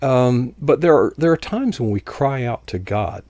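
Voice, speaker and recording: A man hosting an interview show, talking in a halting way as he searches for words. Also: mid-range voice, lively intonation, mellow, no room sound. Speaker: host.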